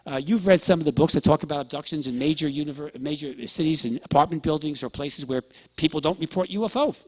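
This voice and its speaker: His voice is a little high with a darkish tone, and he talks at a quick pace. Lecturing to an audience, this man tells stories, dramatizes quoted dialogue, and repeatedly checks in with listeners.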